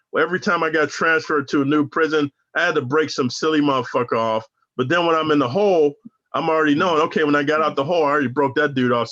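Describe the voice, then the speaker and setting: A man with a bright, forceful voice, pitched a little high, swears freely and leans hard on his slang as he tells his stories. The sound is dull and lo-fi. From Northern California. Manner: profane, slangy, emphatic storyteller. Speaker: interview guest, former prisoner. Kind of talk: casual storytelling interview.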